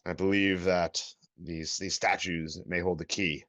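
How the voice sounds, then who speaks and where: A man's voice: low-pitched, fairly even intonation, unhurried, a bit bright, dry recording. A man voicing a grumpy robot adventurer who has lost his memory and speaks with formal politeness. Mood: courtly. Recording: slightly dull lo-fi mic.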